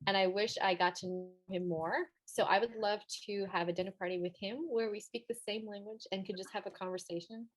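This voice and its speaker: A woman's voice: mid-range voice, fairly even intonation, brisk, hardly any pauses. Earnest woman guest on a podcast. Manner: earnest and sentimental. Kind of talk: casual interview chat.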